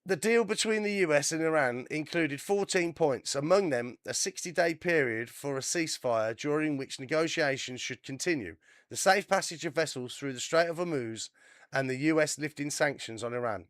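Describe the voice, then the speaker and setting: A man's voice: fairly high pitch, moderate pace, fairly bright tone, no room sound, studio quality. A man hosting a livestream, reading news reports aloud with chatty, self-deprecating asides and stumbling over foreign names. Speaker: livestream host. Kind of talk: reading news with casual commentary.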